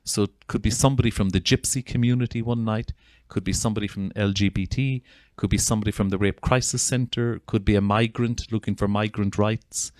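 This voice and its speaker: An Irish psychotherapist with a lowish voice gives an earnest, heartfelt, informal talk to an audience to introduce a video. He restarts his sentences often, and there is no room sound.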